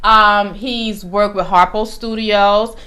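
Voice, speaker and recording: A woman co-hosting a radio talk show, insistent in the quick back-and-forth. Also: mid-range voice, fairly even intonation, bright, forceful tone. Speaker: radio co-host.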